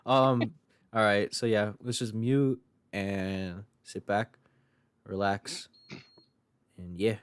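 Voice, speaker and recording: A man's voice: on the low side, steady tone, slow, pauses often, clear, resonant tone, no echo. A man co-hosting a podcast in casual chat, laughing often and talking with lots of fillers. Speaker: podcast co-host.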